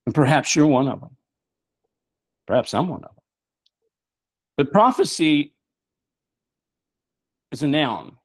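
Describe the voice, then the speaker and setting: A man's voice: a little high, sing-song, slow, long pauses, husky, no echo. A middle-aged man hosting a show, preaching emphatically with rhetorical questions. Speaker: show host. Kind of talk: preaching talk-show monologue.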